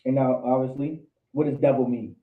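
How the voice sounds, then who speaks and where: In an indoor meeting room, a man teaches a Bible class, quizzing students and repeating key points for emphasis. His mid-range voice is a little fast with fairly even intonation, captured in a tinny, echoey lo-fi room recording.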